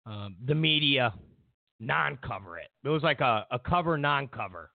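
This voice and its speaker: A man's voice: medium pitch, animated, moderate pace, creaky, dry recording. A man hosting a political commentary show, rambling with many fillers and restarts and mimicking others mockingly. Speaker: show host. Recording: dry tinny phone-like sound.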